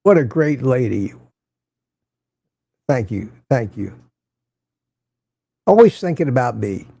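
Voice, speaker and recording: A man with a gravelly, mellow voice hosts a relaxed morning livestream, greeting viewers one by one. He talks in a chatty way, chuckles often and repeats his thanks. The sound is dry and close. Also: mid-range voice, slow pace, dry recording. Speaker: livestream host reading viewer chat. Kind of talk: casual morning livestream chat.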